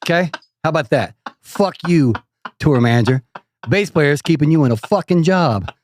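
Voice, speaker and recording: A middle-aged man, a bassist co-hosting a podcast, chatting in a dry, grumbling way and swearing when he vents. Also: lively intonation, moderate pace, darkish tone, slight background noise. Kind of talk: casual chat.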